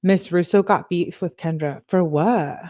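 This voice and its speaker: A woman's voice: lowish voice, measured pace, mellow, dry recording, studio quality. A woman hosting a true crime channel, reading text messages aloud and adding sarcastic, offhand remarks.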